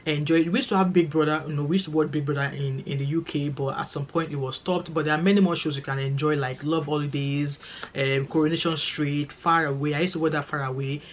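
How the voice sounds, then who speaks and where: A Nigerian woman talks to camera in a brisk, rapid vlog. She is chatty and emphatic, often repeating words to drive a point home and addressing her viewers directly. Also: low voice, steady tone, a little hiss or hum. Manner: chatty and emphatic, repeats phrases for stress, speaks straight to viewers. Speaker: vlogger. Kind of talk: casual talking-to-camera vlog.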